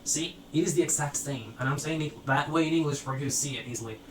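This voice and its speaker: A man explains a grammar lesson, breaking sentences into parts and repeating each pattern step by step. His voice sits a little high for a man. The sound is roomy and echoey, with a faint hum behind it. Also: quick pace. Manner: methodical, repeats structures step by step. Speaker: language teacher.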